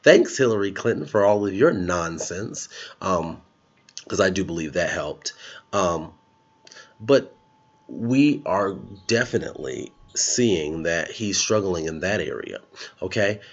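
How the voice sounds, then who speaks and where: A man's voice: sits low, expressive, measured pace. Sarcastic man in lo-fi vlog. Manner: sarcastic, laughs at his own jokes. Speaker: political vlogger. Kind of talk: casual political commentary.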